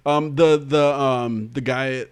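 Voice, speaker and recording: A man's voice: medium pitch, steady tone, drawn-out words, smooth. A man co-hosting a podcast in casual chat, who laughs often and talks hesitantly with many fillers and restarts. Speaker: podcast co-host.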